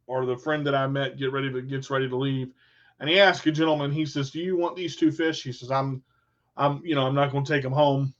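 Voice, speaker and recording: A man telling a casual, animated story in folksy phrasing, acting out what people said. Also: mid-range voice, a little fast. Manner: animated storyteller, acts out quotes. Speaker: vlogger. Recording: dull lo-fi sound.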